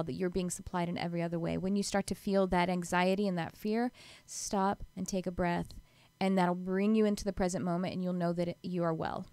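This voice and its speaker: A woman's voice: mid-range voice, no room sound. Soothing woman giving a psychic reading. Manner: soothing, calls callers sweetheart and honey. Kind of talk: call-in radio show reading.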